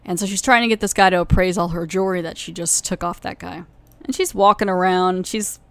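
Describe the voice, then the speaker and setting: A woman's voice: fairly low pitch, dry recording. Rambling woman recapping an episode. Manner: rambling, full of "like" and "you know", self-correcting. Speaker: podcast host reviewing a TV episode. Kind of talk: casual recap.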